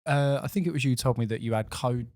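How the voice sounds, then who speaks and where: A man's voice: mid-range voice, darkish tone, no echo, clean studio sound. A man hosting a comedy podcast, asking questions in casual chat. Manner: quick, hesitant questions with fillers. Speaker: podcast host.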